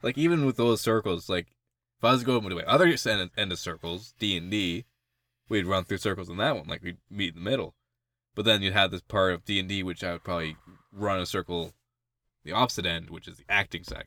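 A man co-hosting a podcast in casual chat, animated and laughing often through his jokes. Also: sits low, no room sound. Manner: animated, laughs often mid-sentence, quick jokey asides. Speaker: podcast co-host.

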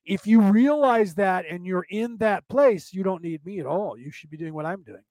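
A man's voice: high-pitched, lively intonation, moderate pace, a little mellow, no room sound. A man hosting a casual spiritual talk show, rambling, repeating himself and often asking "right?" as he reads comments from his listeners. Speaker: podcast host.

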